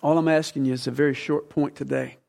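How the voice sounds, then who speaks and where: A man's voice: on the high side, little pitch movement, fast talker, gravelly, a little mellow. A man in his fifties, a pastor preaching a sermon, building from plain talk into fervent, emphatic questions.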